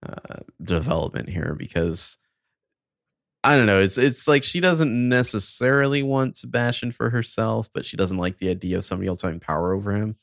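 Deep, gravelly laid-back man. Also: animated, a little fast, fairly bright tone, dry recording, studio quality. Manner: laid-back, hesitant, says "like" often. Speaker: podcast co-host. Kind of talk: casual movie recap chat.

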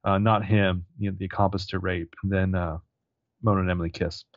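A man co-hosting a podcast, recapping a TV episode with jokey asides and quick character impressions. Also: deep voice, little pitch movement, no echo, lo-fi sound. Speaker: podcast co-host. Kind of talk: casual chat.

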